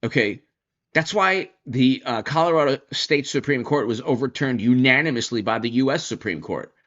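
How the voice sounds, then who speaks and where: A man delivering an opinion commentary monologue in an animated, sarcastic manner, mocking opponents by putting on their voices. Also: mid-range voice, normal speed, highs cut off. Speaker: political commentator.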